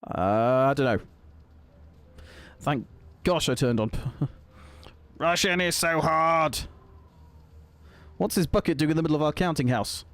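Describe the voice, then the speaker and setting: A man's voice: medium pitch, expressive, normal speed, pauses often. A man streaming a shooter game, commentating and chatting with viewers, exclaiming at the action and laughing often.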